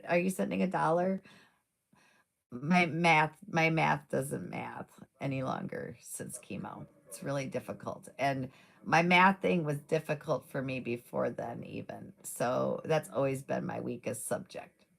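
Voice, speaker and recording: Chatty woman with a gravelly voice. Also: very deep voice, unhurried. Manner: rambling, chatty, frequent fillers. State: scratchy throat. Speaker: live streamer. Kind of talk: casual live-stream chat. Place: at home at a table. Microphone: device mic without boom arm.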